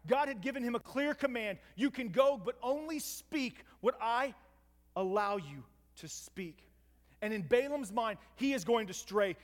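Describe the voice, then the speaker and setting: Male preacher with a very high voice, animated storytelling sermon, long hall reverb. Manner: lively, dramatic retelling with asides to listeners.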